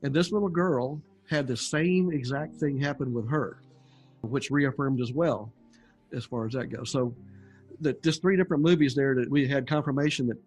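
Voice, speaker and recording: A man's voice: medium pitch, moderate pace, a little mellow, breathy edge, soft background music. An older man telling his story in a casual interview, folksy and chuckling as he goes. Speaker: guest sharing near-death testimony.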